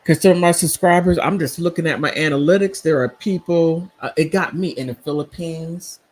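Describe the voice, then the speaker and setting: Husky-voiced man hosting a chatty livestream. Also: a little high, fairly quick, darkish tone, poor audio. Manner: chatty, rambling, reacts to viewer comments. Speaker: live-stream host. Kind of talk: casual live-stream commentary. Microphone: computer mic on a streaming app.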